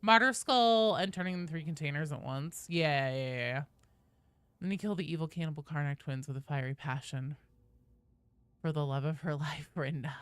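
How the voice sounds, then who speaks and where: A woman's voice: low-pitched, normal speed, clean tone, dry recording. A woman streaming a game live, chatting casually and playfully with viewers and swearing freely.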